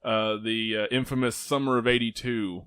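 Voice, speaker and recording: A man's voice: fairly low pitch, little pitch movement, moderate pace, fairly bright tone, clean tone, no echo. A young man hosting a casual movie podcast, joking and rambling with friends, laughing often. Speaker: podcast host. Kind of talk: casual chat.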